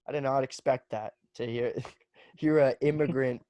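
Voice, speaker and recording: A man's voice: mid-range voice, fairly even intonation, normal speed, dark tone, no echo. Young man rambling casually, dry sound. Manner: loose and profane, heavy on "like" and "bro". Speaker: podcast guest. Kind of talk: casual chat.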